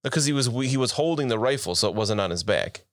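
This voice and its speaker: A man's voice: mid-range voice, expressive, quick pace, no echo, studio quality. A man co-hosting a podcast, arguing points playfully in casual chat. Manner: playfully argumentative. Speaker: podcast co-host.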